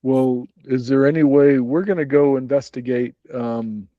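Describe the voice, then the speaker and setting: A man's voice: mid-range voice, steady tone, a little slow, no room sound, phone-quality sound. A man playing in a tabletop game, easygoing and asking questions in character. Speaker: player.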